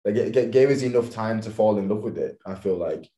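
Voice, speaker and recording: A man in his thirties from England, a professional dancer chatting as a podcast guest, relaxed and quick to laugh. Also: lowish voice. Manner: laughs often, relaxed and easygoing. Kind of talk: casual interview chat. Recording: echoey room.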